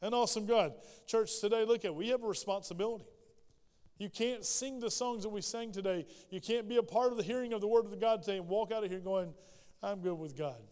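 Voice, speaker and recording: A high, smooth male voice preaches in a church, switching into little acted voices for the prayers he quotes. His words ring out with a long hall reverb behind them. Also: quick pace, darkish tone. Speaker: pastor. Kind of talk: sermon. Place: church sanctuary.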